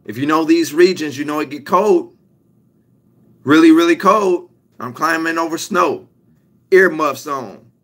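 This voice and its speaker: A young man gives a motivational talk in an emphatic, repetitive way. He leans on his main points and slows down to land them. His voice sits slightly high for a man. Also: a bit bright. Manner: emphatic, repetitive, drawn-out punch lines. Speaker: motivational speaker.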